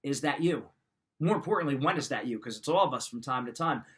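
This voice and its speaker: A man's voice: medium pitch, expressive, fast talker, a bit bright. A middle-aged man coaching listeners in an emphatic, direct motivational talk. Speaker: wrestling mindset coach.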